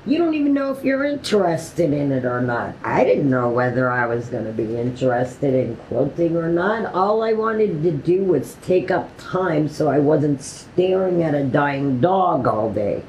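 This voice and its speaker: A woman casually telling a personal story, quoting others with animated voices and laughing often, with many "like" fillers. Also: low voice, a little slow, few pauses, echoey room, a little hiss or hum, low-quality recording. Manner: animated retelling with quoted dialogue and laughter; frequent "like" fillers.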